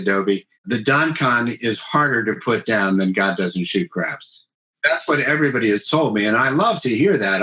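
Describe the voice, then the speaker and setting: A man's voice: mid-range voice, sharp tone, low-quality recording. A man who is a writer, talking as a podcast guest in an enthusiastic, talkative way. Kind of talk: casual podcast interview.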